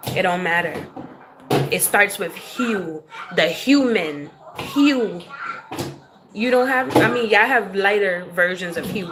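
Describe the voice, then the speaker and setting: A woman talks straight to her livestream chat in a blunt, profane rant, laughing now and then. Her voice sits at an ordinary middle pitch. Steady background noise runs under her throughout.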